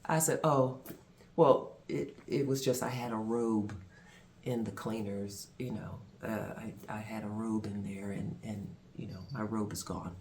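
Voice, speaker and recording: Slow, dramatic storytelling man. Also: fairly low pitch, a little hiss or hum. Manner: dramatic pauses, expressive storytelling. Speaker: vlogger, minister. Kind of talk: personal storytelling to camera.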